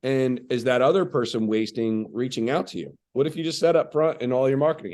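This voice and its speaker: Telling stories as a podcast real estate coach, this man has a mid-range voice and talks a little fast, sounding conversational and animated with frequent fillers.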